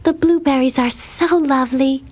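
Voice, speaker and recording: A woman doing a shy, soft little girl. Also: sits high, normal speed, voice pushed up, close to an everyday voice. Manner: soft, timid and hesitant.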